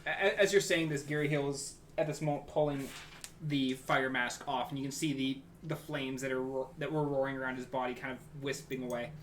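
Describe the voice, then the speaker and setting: A man's voice: medium pitch, steady tone, fairly quick, fairly bright tone, slight background noise. A man narrating as game master in a casual, rambling way.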